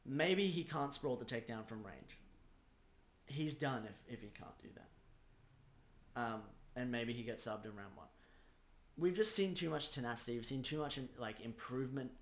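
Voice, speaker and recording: A man's voice: medium pitch, moderate pace, reverberant. A man giving a casual fight breakdown, acting out scenarios play by play. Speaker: combat sports analyst.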